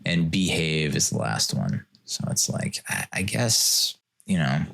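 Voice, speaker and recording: A man with a very low, gravelly voice talks through a casual solo podcast. He rambles, mocks himself, and now and then slips into sarcastic, mock-formal voices. He sounds like he is in his thirties. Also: big pitch swings, a little slow, a bit bright. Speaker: podcast host.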